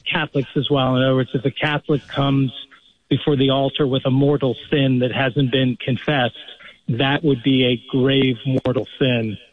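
A man's voice: mid-range voice, little pitch movement, normal speed. Male radio caller on a tinny phone line, earnest, careful, stumbling restarts. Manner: earnest, explanatory, many restarts. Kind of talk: phone-in call.

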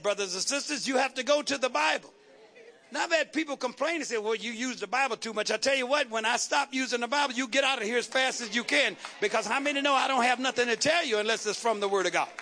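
Man, pastor, sermon, very high voice, bright tone, call-and-response, repetitive rhythmic phrasing. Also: vocal fry.

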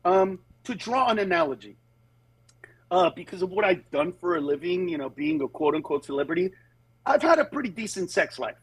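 A man, a comedian, talking in a casual podcast conversation, telling animated stories, slipping into quick character voices, and turning earnest and emphatic on serious points. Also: high voice, husky, no room sound, low-quality recording. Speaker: stand-up comedian guest.

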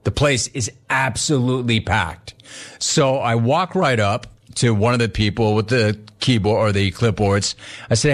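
A man on the radio telling a casual story, acting out the people in it with lively swings in his voice. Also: on the low side, normal speed. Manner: animated, acts out both sides of the story. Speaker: radio host.

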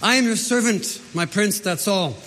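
A man's voice: sits high, moderate pace, a bit bright, a little hiss or hum. An actor playing a suave, witty nobleman courtier in a radio drama, urbane and courteous with a dry, amused wit. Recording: long reverb, faint ambience.

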